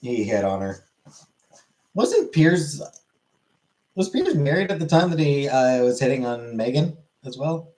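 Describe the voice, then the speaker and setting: A man's voice: medium pitch, very animated, measured pace, pauses often, darkish tone, poor audio. A man on a live stream, casually answering questions from chat and swearing freely.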